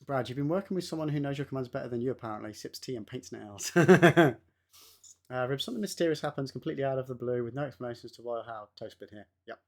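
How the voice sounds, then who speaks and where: A man's voice: medium pitch, very fast, creaky, few pauses, a little mellow. A young man streaming a game live, swearing freely and bantering with his chat between fights. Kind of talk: casual live commentary while playing and reading chat.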